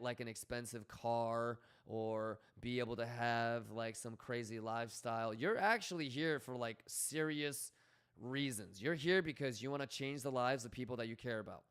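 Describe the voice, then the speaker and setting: A man's voice: medium pitch, moderate pace, fairly bright tone, clean tone. A man hosting a livestream, talking casually and bluntly to his chat, swearing often and coaching viewers. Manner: blunt, profane, coaching tone, reads chat aloud. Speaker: livestream host.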